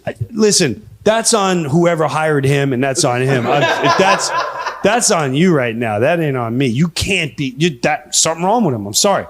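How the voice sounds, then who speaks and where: A middle-aged man telling a story in live stand-up, animated and laughing at his own tale. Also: fairly high pitch, moderate pace. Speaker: stand-up comedian.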